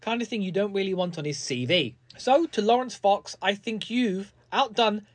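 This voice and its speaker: A man's voice: sits high, expressive, normal speed. A man delivers a sarcastic comedic commentary, mocking as he goes. His voice rises and falls a lot. The sound is close and dry, with no room echo.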